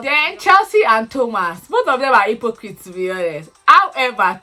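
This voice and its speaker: A woman giving a casual, animated recap of a reality show, laughing and exclaiming as she talks. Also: a little high. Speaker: reality TV commentator.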